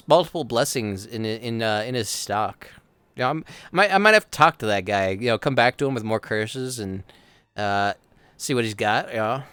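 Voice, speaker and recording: A man's voice: medium pitch, sharp tone, dry recording. A man chatting casually as his roleplay character, rambling with frequent laughs and playful voiced asides.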